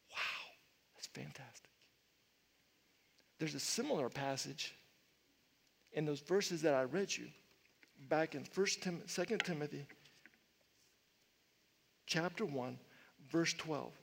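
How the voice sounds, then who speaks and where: A middle-aged male pastor preaching a sermon, telling stories with animated swings and sudden loud outbursts. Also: on the high side, slow pace, gravelly, long pauses. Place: church sanctuary with long reverb. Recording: reverberant church hall.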